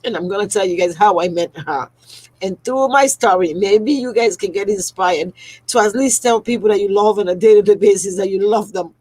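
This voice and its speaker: A woman's voice: medium pitch, normal speed, a little mellow, slightly rough, dry recording, rough recording. Tearful woman on a heartfelt livestream. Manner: heartfelt and tearful, speaking directly to viewers. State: on the verge of tears. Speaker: skincare business owner hosting a live stream. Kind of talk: emotional personal livestream.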